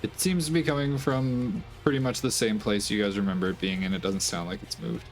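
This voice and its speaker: A man's voice: on the low side, fairly even intonation, brisk, faint music behind. A man acting as game master in a casual tabletop game, explaining rules and narrating scenes plainly.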